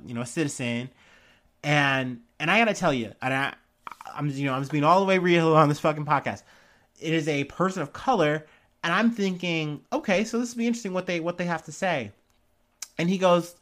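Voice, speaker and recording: A man hosts a podcast from his small apartment, and his voice sits a little higher than most men's. He rambles casually, swears freely and gives his opinions straight out. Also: a bit bright. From United States. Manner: profane, rambling, frank opinions. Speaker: podcast host.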